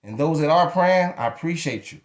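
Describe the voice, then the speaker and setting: A man's voice: on the high side, expressive, fairly quick, muffled recording. Blunt, cursing man venting. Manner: blunt, emphatic, cursing freely. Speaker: vlogger. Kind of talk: emotional venting monologue. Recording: echoey room.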